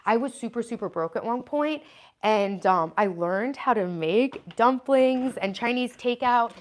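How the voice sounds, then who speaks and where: A woman's voice: a little high, animated, measured pace. A woman in her thirties chatting casually on a livestream, reading viewer comments and planning meals in a scattered, rambling way. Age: 30s. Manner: chatty, scattered, frequent "um" and "like" while listing groceries. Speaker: livestream host.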